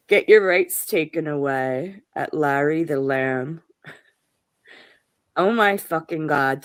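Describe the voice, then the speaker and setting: A woman venting on a livestream, exasperated and sarcastic. Her voice is bright and tense, and it jumps up high when she gets heated. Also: dry recording, low-quality recording. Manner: exasperated, rises sharply when upset, sarcastic. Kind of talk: frustrated livestream rant.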